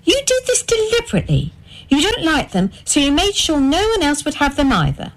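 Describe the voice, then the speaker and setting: Woman doing a shrill, tearful, bitter wife. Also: big pitch swings, unhurried. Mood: accusing. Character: aggrieved middle-aged wife and mother, bitter.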